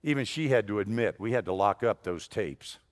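Animated male preacher in a reverberant church. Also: lowish voice, moderate pace. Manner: animated storyteller, swinging between loud punchlines and hushed asides. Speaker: guest preacher. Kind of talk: storytelling sermon. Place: church sanctuary. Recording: long reverb of a church hall.

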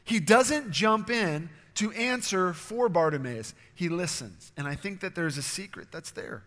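A man preaching a sermon as pastor, earnest and steady, sometimes acting out quoted voices. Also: high-pitched, unhurried, big-room sound.

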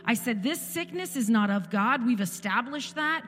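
Woman in her 40s preaching hard, repeats stuff for punch, kinda high voice, big echoey church w/ soft music under it. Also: animated, normal speed. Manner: emphatic, repeating phrases for effect. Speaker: guest speaker in a church service. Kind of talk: sermon testimony. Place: church sanctuary.

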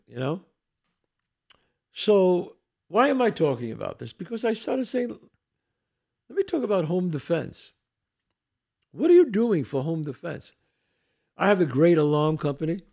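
Older male host, gravelly, slightly high voice, streetwise casual storyteller. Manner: streetwise, animated storytelling with frequent asides. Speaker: podcast host.

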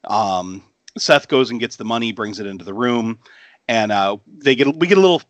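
A man who hosts a podcast retells a film scene by scene in loose, casual chat. His pitch jumps around a lot as he laughs and swears his way through it. The recording sounds dry and close, with almost no room sound. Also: moderate pace, no room sound, muffled recording. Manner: animated, laughs often, swears freely. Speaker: podcast host.

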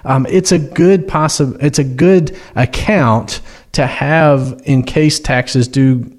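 A man's voice: medium pitch, takes it slowly. A man with a Tennessee accent, a financial advisor on a radio show, explaining in an easygoing, agreeable way with fillers. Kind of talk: casual radio talk show chat.

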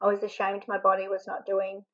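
A woman from Australia telling a personal story in an interview, halting and often choked up with emotion. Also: medium pitch, completely flat delivery, a bit bright, muffled recording. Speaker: interview guest.

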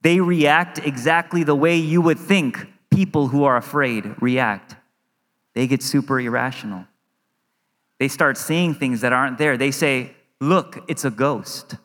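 A man in his thirties, a pastor giving an earnest, conversational sermon in a church, now and then acting out inner worries in quick asides. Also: mid-range voice, fairly even intonation, fairly bright tone. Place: church sanctuary. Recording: reverberant hall.

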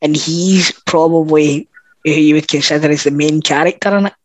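High-voiced, blunt man. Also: fairly even intonation, normal speed, no room sound, poor audio. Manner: blunt, sweary, mocking. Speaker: podcast co-host. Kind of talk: casual chat.

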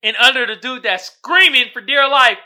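A man hosting a podcast, recapping a horror movie and reading memes in a casual, animated monologue, swearing freely and breaking into loud shouted impressions. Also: very high voice, moderate pace. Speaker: podcast host.

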